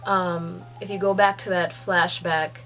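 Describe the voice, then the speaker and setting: Young woman, slow and bright-voiced, excitable casual reader; faint music under her voice. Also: on the low side, rough recording. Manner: excitable, swearing, laughing, swinging between hushed reading and squeals. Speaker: manga reaction reader. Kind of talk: casual read-along reaction.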